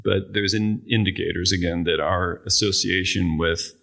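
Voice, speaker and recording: A man with a low voice that crackles with heavy vocal fry. His tone is a little husky. He muses about his experience in long, winding sentences, often restarting as he goes. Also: fairly even intonation, normal speed, a bit bright. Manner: reflective, wordy, with frequent restarts. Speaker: winery owner guest. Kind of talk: casual podcast conversation.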